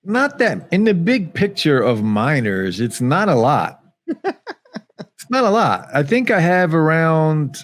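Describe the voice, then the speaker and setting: A man chatting casually as a podcast guest, laid-back and quick to laugh. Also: fairly high pitch, sing-song. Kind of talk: casual chat.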